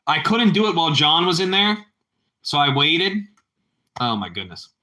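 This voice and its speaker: A man's voice: on the high side, very animated, normal speed, pushed and bright. A man chatting casually with his livestream viewers, rambling and repeating himself, and calling them bro. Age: adult parent. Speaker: livestream host.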